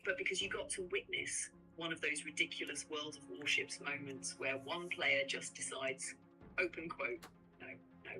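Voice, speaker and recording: A text-to-speech companion voice giving dramatic mock commentary, reading quote marks aloud. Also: medium pitch. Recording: distant voice under loud music.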